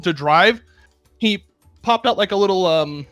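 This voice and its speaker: Man, high voice, game master, casual and chatty, laughs often. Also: a little slow, fairly bright tone, no room sound, faint music behind. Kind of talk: narrating a tabletop game.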